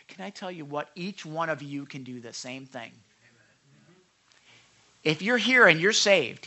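A man preaching a conversational sermon, asking the congregation questions and acting out quoted lines. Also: fairly high pitch. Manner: acts out quoted lines with lively voices. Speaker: pastor.

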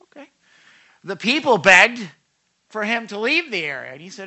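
A man's voice: sits high, normal speed. A man preaching a conversational sermon, asking the congregation questions and acting out quoted lines. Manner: acts out quoted lines with lively voices. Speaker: pastor.

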